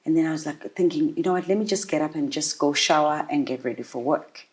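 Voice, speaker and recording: A woman, an interview guest telling a painful personal story in a halting, emotional way with many restarts. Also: low voice, darkish tone.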